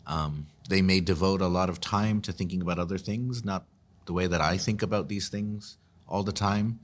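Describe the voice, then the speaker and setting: Deep-voiced man from explaining. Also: fairly even intonation, normal speed. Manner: earnest, explanatory, chatty with restarts. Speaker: host answering listener questions. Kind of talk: casual commentary.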